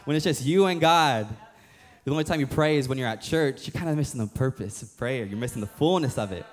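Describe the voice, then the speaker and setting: A young man preaches a sermon as a young adults pastor, keeping it casual and joking and often acting out other people's voices. His mid-range voice is animated and brisk.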